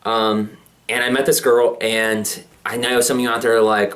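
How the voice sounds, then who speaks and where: A man's voice: medium pitch, little pitch movement, moderate pace, fairly bright tone. Rambling young man telling his story. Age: 20s. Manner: rambling, many fillers and restarts. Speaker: vlogger. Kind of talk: personal confessional vlog.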